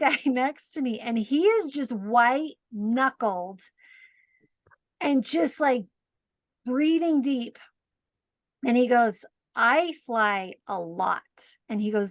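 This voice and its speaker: Woman guest, lively storyteller with a high-ish voice, dry close mic, laughs through it. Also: slow pace, no room sound. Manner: animated, self-mocking, laughs often. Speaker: podcast guest, hypnotherapist. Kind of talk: casual storytelling.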